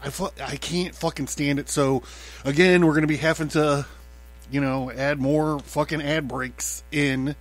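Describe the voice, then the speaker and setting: A man's voice: fairly high pitch, fairly even intonation, unhurried, faint music behind. A man hosting his own podcast, talking in a loose, rambling way, with lots of fillers, swearing and laughter. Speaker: podcast host. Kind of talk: casual rambling monologue.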